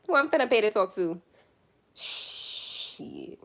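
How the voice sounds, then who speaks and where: A woman's voice: mid-range voice, normal speed. A young woman chatting casually on her first phone livestream, tired late at night, rambling and self-deprecating.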